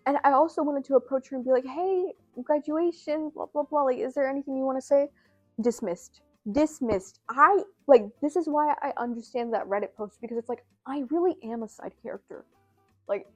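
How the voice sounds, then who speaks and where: Rambling young woman vlogging at home. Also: a little high. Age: young adult. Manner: rambling, self-deprecating, filler-heavy. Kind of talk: casual chat to camera.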